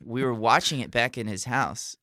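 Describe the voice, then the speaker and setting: A man's voice: medium pitch, expressive, moderate pace, sharp tone, no echo, clean studio sound. A man in his thirties from Alabama, a comedian chatting as a guest in an interview, hesitant and rambling with lots of fillers. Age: 30s. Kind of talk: casual interview chat.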